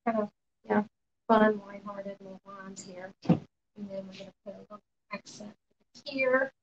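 A woman running a live painting demo in her art studio, relaxed and often murmuring to herself as she works. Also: mid-range voice, normal speed, lo-fi sound, a little hiss or hum. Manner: relaxed, talks to herself while working, often quiet and off-mic. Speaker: painting instructor.

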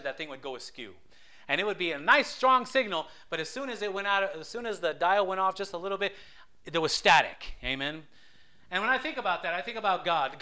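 A man preaching a conversational sermon, telling stories with frequent restarts and rising loud for emphasis. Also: high voice, animated, fairly quick. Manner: many restarts and stammers. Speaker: lay preacher.

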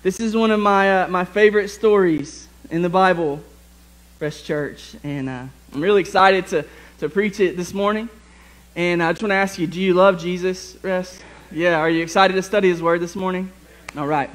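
Pastor guy w a high voice preaching in church, upbeat, cracks jokes at the congregation. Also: moderate pace, low-quality recording. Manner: energetic, jokey, speaks to the congregation. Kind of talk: sermon. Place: church sanctuary.

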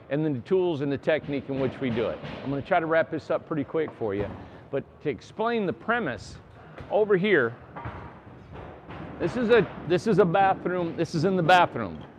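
A man's voice: a little high, a little hiss or hum. A man building tiny homes, casually teaching window trim step by step in his shop, wearing a clip-on mic. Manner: chatty, joking, explains step by step. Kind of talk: casual hands-on tutorial.

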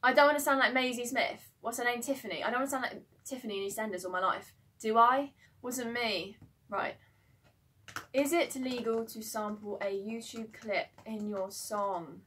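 A young woman chats at home in a fairly high voice, excitable and rambling from one aside to the next. She swears freely and jumps between thoughts. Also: normal speed. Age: young adult. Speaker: singer-songwriter. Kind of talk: casual vlog chat.

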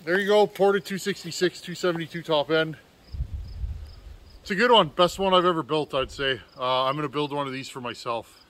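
A man's voice: on the high side, a little fast, a bit bright. A man hosting his own chainsaw video in a casual, folksy way, out of breath and chuckling between sentences, calling his viewers friends. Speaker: chainsaw builder and channel host. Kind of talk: casual outdoor video chat.

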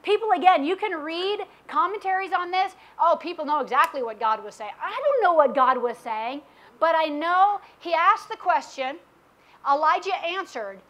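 Woman preacher, high voice, candid and self-questioning, reads scripture aloud. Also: lively intonation, normal speed, a bit bright. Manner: candid, self-questioning Bible teaching with acted quotes. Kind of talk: sermon.

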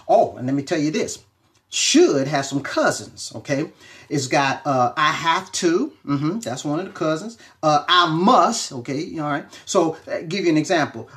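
A man, a reverend and self-help speaker, gives an animated, chatty motivational talk on a live stream, greeting viewers and checking in with them often. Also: a little high.

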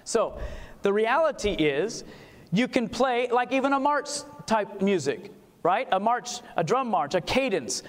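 A man giving a lively seminar lecture on music, asking the audience questions and singing short demos. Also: high voice, moderate pace, a little hiss or hum. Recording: long hall reverb.

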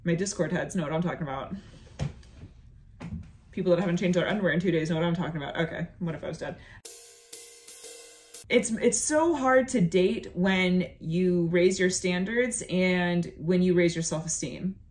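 A woman's voice: lowish voice, moderate pace, pauses often, a little mellow, soft background music. A young adult woman, a stand-up comedian, talking to camera in a sassy, playful monologue and stretching words out for emphasis.

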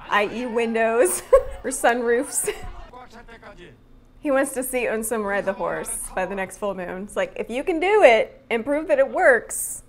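Chatty woman reacting to a drama. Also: on the high side. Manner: chatty, laughs often, talks back to the screen. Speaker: drama reaction channel host. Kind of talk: casual reaction commentary.

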